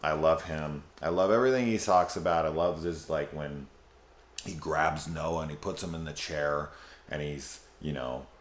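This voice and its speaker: A man giving a casual spoiler review of a film, rambling, swearing and excited. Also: extremely low pitch, moderate pace. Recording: echoey room.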